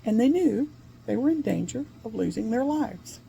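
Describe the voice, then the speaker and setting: Gravelly-voiced woman teaching scripture. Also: fairly high pitch, lively intonation, moderate pace, dark tone, slight background noise. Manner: earnest, laughs between points; speaks to listeners with questions. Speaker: Bible teacher. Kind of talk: conversational Bible teaching.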